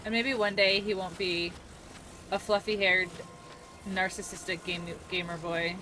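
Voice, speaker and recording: At home, a young woman streams a game and chats loosely with viewers, rambling, laughing easily and reading chat aloud. Her voice is fairly low and steady, a little slow, with a noisy background.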